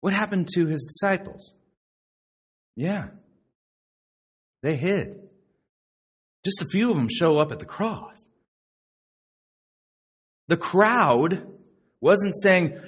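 A middle-aged man preaching a sermon to a live congregation, sarcastic and animated, now and then mocking other people's voices. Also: high-pitched, slow, pauses often, breathy edge. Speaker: pastor.

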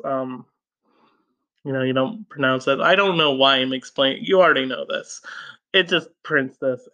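A man's voice: a little high, pushed and bright. A man hosting a podcast, reading a classic novel aloud with casual, hesitant asides, fillers and self-corrections. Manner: hesitant, self-correcting, many fillers and laughs at own slips.

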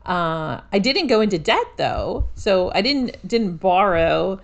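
A woman's voice: medium pitch, big pitch swings, slow pace, gravelly. A woman co-hosting a podcast in casual chat, chatty and self-deprecating with sarcastic asides. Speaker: podcast co-host.

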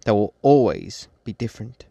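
A man hosting a podcast, reading his poems in a measured way and speaking his closing words with many hesitations. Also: lowish voice, expressive, vocal fry, mellow, no echo. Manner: measured recitation, then halting unscripted outro with many fillers. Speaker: poet and podcast host. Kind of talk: poetry reading.

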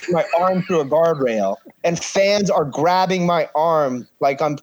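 Man, wrestler on a podcast, 30s, slightly higher voice, casual swearing storyteller. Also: a little slow, a little hiss or hum. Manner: animated, swears freely, acts out quotes. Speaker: pro wrestler guest.

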